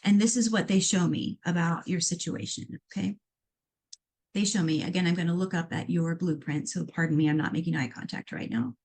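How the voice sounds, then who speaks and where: On her live call-in show, a middle-aged Iowa psychic medium talks a little fast in a lowish voice. She reads questions from listeners and answers chattily and animatedly, tossing in playful asides.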